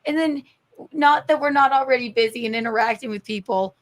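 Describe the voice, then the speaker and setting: Woman co-host, higher pitch, animated, teasing, casual chat. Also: fairly quick. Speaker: podcast co-host. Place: podcast studio.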